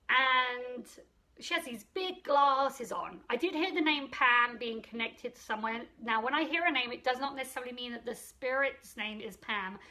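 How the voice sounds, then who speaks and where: Middle-aged woman, psychic medium hosting a live phone stream, high-pitched, chatty, reads and answers comments. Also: sharp tone. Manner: chatty, greets viewers and answers comments aloud. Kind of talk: casual live-stream chat and reading.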